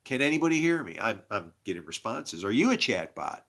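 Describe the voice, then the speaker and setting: A man's voice: lowish voice, sing-song, fairly quick, a bit bright. A man talking straight to the camera in a rambling, agitated personal monologue, profane and jumping from story to story. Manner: agitated, profane, jumps between stories. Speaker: self-made video host.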